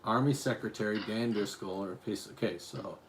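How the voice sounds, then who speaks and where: A man's voice: on the low side, brisk, noisy background. A man from Utah chatting on a live stream, reading his chat aloud and rambling through restarts and asides. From Utah, USA.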